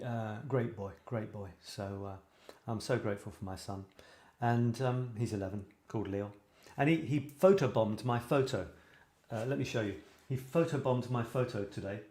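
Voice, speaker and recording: A man's voice: mid-range voice, normal speed, mellow. A British man hosting a live creative writing show, reading viewers' writing aloud and chatting in a rambling, self-deprecating way. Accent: British English. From Britain. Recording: roomy echo.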